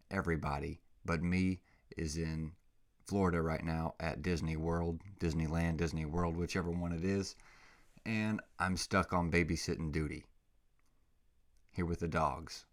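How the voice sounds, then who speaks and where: A man hosting a casual solo podcast, rambling and self-mocking, a little out of breath, close on a microphone. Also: low voice. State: slightly out of breath. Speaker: podcast host.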